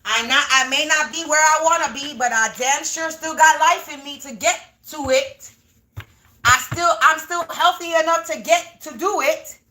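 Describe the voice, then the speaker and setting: High, bright-voiced woman ranting on a live reading. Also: normal speed. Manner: swears a lot, swings between muttering and shouting. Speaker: tarot reader on a livestream. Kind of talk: livestream tarot reading, ranting. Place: home room.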